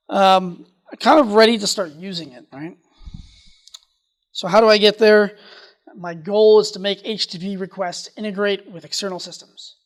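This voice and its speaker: A conference speaker giving a technical presentation, talking quickly and often restarting sentences. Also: medium pitch.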